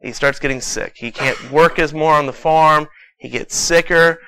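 Bright-voiced male preacher. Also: a little high, normal speed, poor audio. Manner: conversational storytelling, informal. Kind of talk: sermon.

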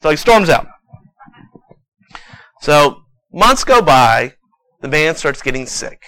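A man's voice: a little high, sing-song, slow, sharp tone, no echo, poor audio. A man preaching a sermon in a conversational, storytelling way, reading scripture and praying.

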